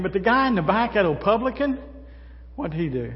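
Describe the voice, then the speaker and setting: An older man delivers a folksy sermon from the pulpit, his voice sitting a little high for a man. He talks to the congregation as if chatting and keeps asking them questions. The sound is slightly muffled and rings with a long church reverb. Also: very animated, fairly quick. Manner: folksy, conversational preaching with rhetorical questions. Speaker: pastor. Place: church sanctuary.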